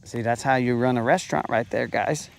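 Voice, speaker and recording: A man's voice: medium pitch, fairly even intonation, brisk, creaky, a little hiss or hum. A man hosting a fishing show, giving laid-back, joking commentary from a boat on a lake.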